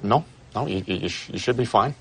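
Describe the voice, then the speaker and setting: A man's voice: lowish voice, brisk, fairly bright tone, slightly rough. An actor playing a nervous store clerk who stammers through his answers in a film comedy scene. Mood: flustered. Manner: stammering, hesitant. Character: nervous, flustered young male store clerk.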